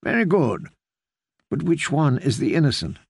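A man reading as a haughty queen who schemes and frets, her voice a little raised and gravelly at the edges, read close and dry with no room sound. The reading moves slowly. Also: a little high, sing-song, no echo, full character voice. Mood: scheming. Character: proud fearful queen, grown woman. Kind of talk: audiobook character voice.

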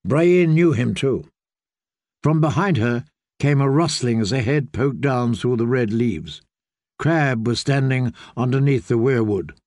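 A man narrating a fantasy audiobook in a measured, dramatic way. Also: medium pitch, lively intonation, a little mellow, no room sound, clean studio sound. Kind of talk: scripted narration.

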